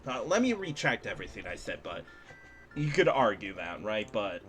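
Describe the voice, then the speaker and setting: A young man streaming, casually reviewing game levels with lots of laughter and swearing. His voice leaps up high when he gets worked up. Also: normal speed, soft background music. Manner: animated, jumps into high excited pitch when ranting; swears casually, speaks to chat, laughs often. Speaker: streamer judging a level design contest. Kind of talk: casual gaming stream commentary.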